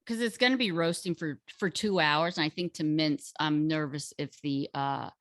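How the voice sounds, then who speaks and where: A woman in casual chat, explaining a home recipe step by step in an unhurried, hesitant way with many fillers. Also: sits low, dry recording, studio quality. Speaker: guest cook sharing a recipe.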